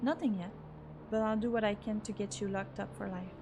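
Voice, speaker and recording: A woman voicing a menacing, mocking woman stranger with a raspy, put-on French accent. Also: mid-range voice, steady tone, a little fast, music in the background, close to an everyday voice. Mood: cold.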